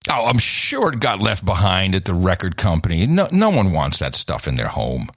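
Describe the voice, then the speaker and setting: A middle-aged man co-hosting a podcast, telling stories in lively casual chat with many restarts. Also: sits low, normal speed, dry recording, clean studio sound. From Netherlands. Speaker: podcast co-host.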